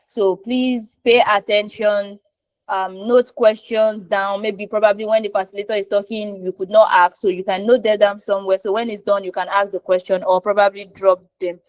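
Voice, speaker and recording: A woman's voice: mid-range voice, level tone, moderate pace, dry recording. A woman moderating an online graphic design class, speaking with hesitant fillers and repeated polite requests.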